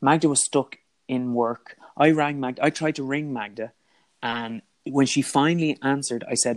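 A man's voice: mid-range voice, fairly even intonation, normal speed. An Irish man, a guest in an interview, candidly retelling a personal story with frequent restarts and quoted dialogue.

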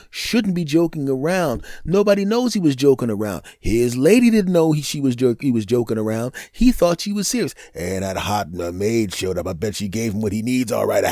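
Animated man telling a comic story. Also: medium pitch, dry recording, clean studio sound. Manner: animated, repetitive, breaks into silly sung sound effects. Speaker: podcast host. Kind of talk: comedic storytelling monologue.

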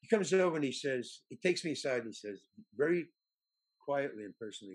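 An older man, an actor, telling anecdotes in a halting way, with many fillers and restarts. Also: medium pitch, expressive, breathy edge. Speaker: actor guest. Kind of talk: anecdotal storytelling.

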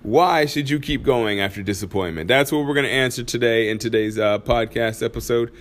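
A man's voice: mid-range voice, a little fast. A man hosting his own podcast from a studio, talking casually, using slang and laughing often. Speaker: podcast host.

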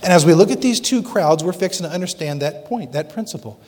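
A man's voice: high-pitched, animated, darkish tone. Man preaching in a big echoing hall. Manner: dramatic preaching, slows down for emphasis. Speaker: pastor. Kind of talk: sermon. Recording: long reverb of a large hall.

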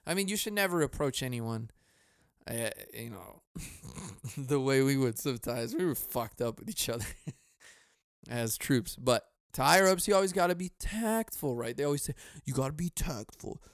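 A man's voice: mid-range voice, expressive, normal speed, no room sound, studio quality. A man hosting a solo comedy podcast, ranting in a cynical, profane, rambling way, breaking off to laugh and sigh. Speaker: podcast host.

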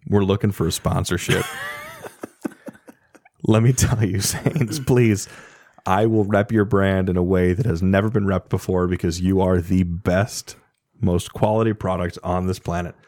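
A man with a low voice tells a rowdy story in casual conversation. He swears freely, keeps breaking into laughter and stays animated throughout. The sound is dry and close. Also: a little slow, no echo. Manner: animated, laughing often, profane. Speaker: storyteller guest.

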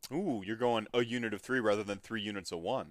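A man's voice: fairly low pitch, fast, dry recording, studio quality. A man hosting a casual hobby podcast, talking in a rambling, friendly way with lots of filler words and frequent laughs. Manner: laughs often, friendly and upbeat. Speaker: podcast host.

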